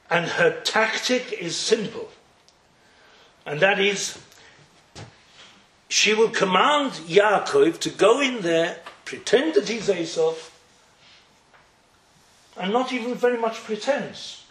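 A man's voice: high voice, lively intonation, takes it slowly, pauses often, fairly bright tone, echoey room, poor audio. A man teaching a Torah class, telling the story with animation, acting out the characters and throwing out rhetorical questions. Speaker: religious teacher.

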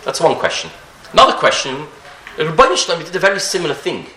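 Male rabbi, Torah class, bright and fairly high-pitched, animated, asks rhetorical questions, roomy echo. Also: fast, a little hiss or hum. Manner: rhetorical questions, frequent restarts, Hebrew and Yiddish terms. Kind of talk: Talmudic lecture. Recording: echoey room.

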